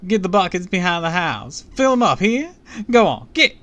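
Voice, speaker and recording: A man voicing a bustling older farm woman in a loud, chipper put-on Southern accent. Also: sits high, very animated, moderate pace, voice pushed up, heavily acted. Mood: bossy chipper. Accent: American Southern, put on.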